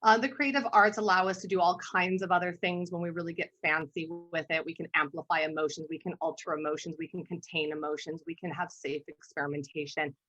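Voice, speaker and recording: A woman art therapist giving an online workshop talk, telling stories in an animated way and often laughing. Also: lowish voice, quick pace, few pauses. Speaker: guest art therapist presenter.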